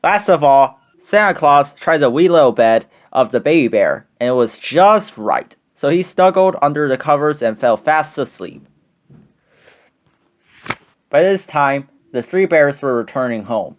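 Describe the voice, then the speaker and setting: A man narrating a children's picture book aloud in a steady, clear storytelling manner. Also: mid-range voice, normal speed.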